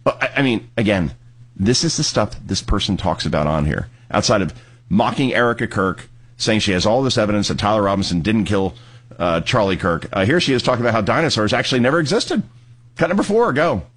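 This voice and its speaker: A middle-aged man hosting a commentary show, sarcastic and mocking, who bursts into yelling. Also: on the low side, a little fast, breathy edge. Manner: animated, mocking, yells in bursts. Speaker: host. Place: studio in New Jersey.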